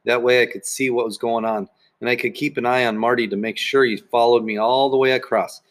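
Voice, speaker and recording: A man reading a children's book aloud in the first person, in a plain, steady voice. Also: mid-range voice, a little fast. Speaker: audiobook narrator. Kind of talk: first-person storybook narration.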